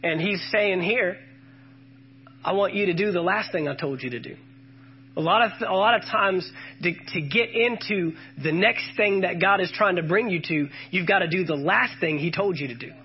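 A man's voice: sits high, moderate pace, dull audio, slight background noise. A man preaching a sermon, quoting scripture with emphasis and calling out questions to the congregation.

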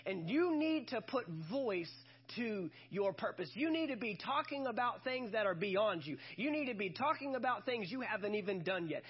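A man's voice: high voice, slightly rough, highs cut off. A male pastor preaching a sermon, emphatic, repeating his key lines for effect.

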